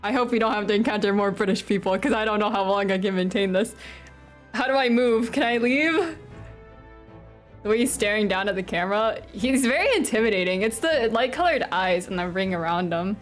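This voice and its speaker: A woman's voice: mid-range voice, animated, fairly quick, soft background music. A woman streaming a game, chatting casually, giggling often and swearing offhandedly while she fusses about her own performance. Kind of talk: casual gaming commentary.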